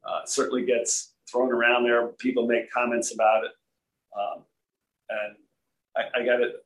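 A man from Rhode Island, a former tour golfer, telling relaxed anecdotes in a casual chat with frequent restarts. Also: medium pitch, normal speed, low-quality recording.

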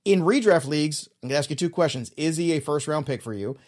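A man's voice: a little high, expressive, quick pace, darkish tone. A man co-hosting a podcast, chatting casually and emphatically, leaning on filler phrases as he makes his points. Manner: emphatic, leans on "look" and "you know". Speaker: podcast co-host. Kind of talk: casual sports chat.

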